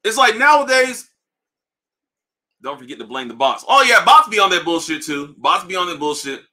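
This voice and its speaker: A man hosting a livestream, ranting in a casual, profane way, animated and repeating himself. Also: sits high, moderate pace. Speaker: livestream host. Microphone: livestream mic.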